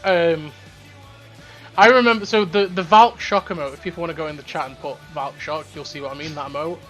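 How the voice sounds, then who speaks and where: Speaking briskly in a fairly high voice, a young podcast host rambles through animated stories in a casual chat. He swears frequently, and faint music runs underneath.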